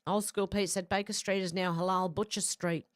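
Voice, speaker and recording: A woman's voice: mid-range voice, steady tone, moderate pace, no echo, clean studio sound. A woman hosting a livestream, reading viewer comments aloud and adding short, casual reactions of her own. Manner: reads comments, then adds brief casual reactions. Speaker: livestream host.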